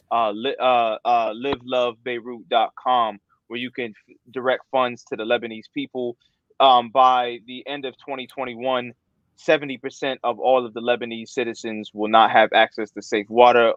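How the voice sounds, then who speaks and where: A man's voice: medium pitch, a bit bright, no room sound. Earnest man urging donations, dull dry mic. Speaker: podcast co-host. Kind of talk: casual podcast chat.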